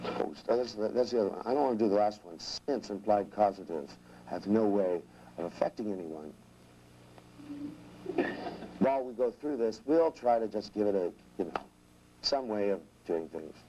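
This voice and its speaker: A man's voice: lowish voice, expressive, normal speed, dull audio, noisy background. A man teaching a live seminar, rambling and restarting sentences, with irreverent jokes and asides. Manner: acts out voices in quotes. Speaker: seminar trainer.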